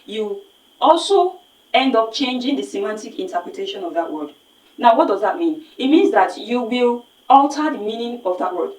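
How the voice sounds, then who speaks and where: A woman's voice: a little high, very animated, normal speed, a little mellow, echoey room, far from the mic, poor audio. A woman from Nigeria with a Nigerian English accent, giving an earnest, emphatic phonics lesson full of rhetorical questions. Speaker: phonics teacher. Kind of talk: spoken lesson.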